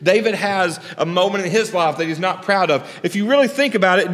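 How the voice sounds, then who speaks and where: High-voiced preaching man, reverberant hall. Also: fairly quick. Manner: animated preaching, drops low and quiet for God's lines. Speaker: pastor. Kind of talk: sermon.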